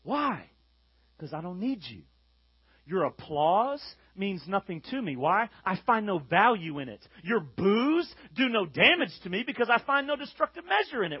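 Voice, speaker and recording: A man in his thirties, a youth pastor giving a jokey, energetic sermon and playfully acting out the voices he quotes. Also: sits high, moderate pace, breathy edge, no room sound. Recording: dull lo-fi recording.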